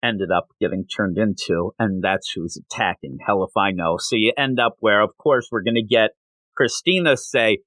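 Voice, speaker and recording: A man hosts a comic book review podcast, recapping the plot in a rambling, animated way and slipping into quick character voices. His voice is on the low side, with no echo.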